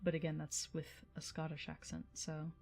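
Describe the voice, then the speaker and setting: Low voiced woman just rambling at her stream chat, laughs a lot. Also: completely flat delivery, normal speed, gravelly, a little mellow, faint music behind. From United States. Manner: chatty, tangential, laughs often. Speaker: livestream host. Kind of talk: casual livestream chat answering viewers.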